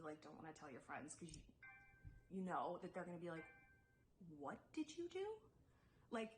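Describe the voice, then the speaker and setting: A woman's voice: fairly high pitch, a bit bright, slight background noise, poor audio. A young woman telling a personal story to her viewers in a chatty vlog style, full of fillers and quoted dialogue. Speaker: YouTuber.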